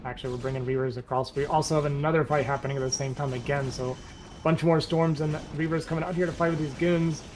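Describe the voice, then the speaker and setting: A man doing live play-by-play commentary on a strategy game match in a flat, monotone way, his voice a bit worn from losing it recently. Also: a little high, quick pace, background noise. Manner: self-described monotone, relaxed. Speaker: esports caster.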